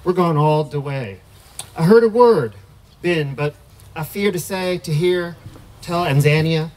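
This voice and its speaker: A man's voice: fairly high pitch, a little slow, darkish tone, pitched above the performer's own voice, lightly acted. A man doing a Southern American accent to voice a preacher-like figure calling out to his people in a poetry reading. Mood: preaching.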